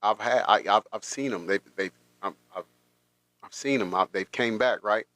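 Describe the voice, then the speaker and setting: A man hosting a podcast, telling a personal story in a halting, emotional way with many restarts. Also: on the low side, pushed and bright, no room sound. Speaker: podcast host.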